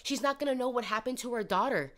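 A woman's voice: on the high side, quick pace, fairly bright tone. A woman in her thirties co-hosting a podcast, telling a personal story candidly and acting out the dialogue she quotes. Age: 30s. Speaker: podcast co-host.

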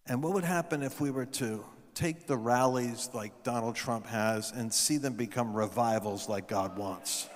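A man in his fifties preaches at a revival event in a big indoor venue. He speaks in an ordinary middle register, dropping low for asides and rising on his main points. His voice rings with the long echo of a large hall. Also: unhurried, few pauses. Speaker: guest preacher. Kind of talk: revival sermon.

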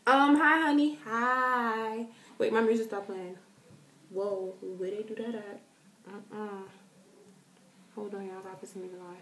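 A woman chatting to camera in an animated way, answering viewer questions and calling her viewers girl. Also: medium pitch, a little slow, pauses often, roomy sound, slight background noise. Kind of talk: casual chat to camera.

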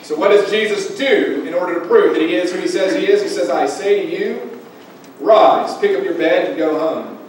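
A man's voice: high-pitched, moderate pace. Male pastor preaching in an echoey church. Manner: preaching with rising emphasis and direct questions to listeners. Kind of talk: sermon. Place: church sanctuary. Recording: very echoey church hall from far off, faint noise.

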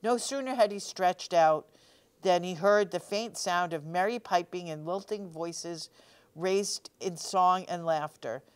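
A woman reads a picture book aloud for children, her voice low-pitched and smooth. She stays gently expressive and now and then asks her young listeners a question. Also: unhurried. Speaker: storytime reader.

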